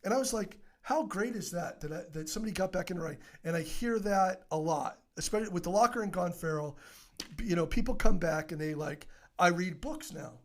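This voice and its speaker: A middle-aged man telling stories as an interview guest, animated and laughing often, full of fillers and restarts. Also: sits high, quick pace. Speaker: podcast guest, author. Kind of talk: casual interview storytelling.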